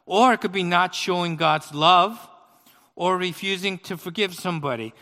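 A man preaching a sermon, telling a personal story with big swings between loud outbursts and quiet asides. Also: high-pitched, moderate pace, in a large hall.

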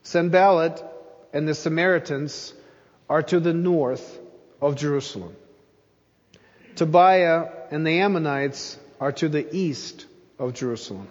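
A man's voice: fairly high pitch, unhurried, pauses often, in a large hall, dull audio. A man preaching a sermon in an earnest voice, pressing hard on his key phrases. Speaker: pastor.

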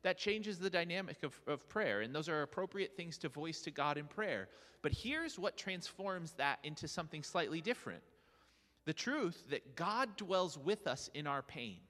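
Animated male preacher in a reverberant hall. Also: fairly high pitch, normal speed. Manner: earnest, animated preaching with rhetorical questions. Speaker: pastor. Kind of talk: sermon.

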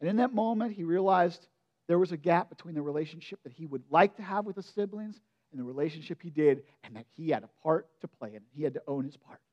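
A man giving a sermon as pastor, preaching in an expressive, conversational way and often asking his listeners direct questions. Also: on the high side, quick pace, lo-fi sound.

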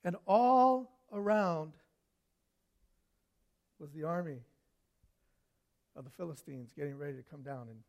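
A man preaching a sermon, telling stories with lively swings from loud to hushed. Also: mid-range voice, a little fast, gravelly, long pauses.

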